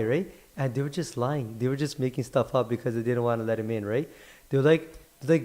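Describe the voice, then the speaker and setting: A man casually retelling a religious story to listeners, animated, repeating words for emphasis and checking in with "right?". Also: mid-range voice, fast. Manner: animated, leans on repetition for emphasis.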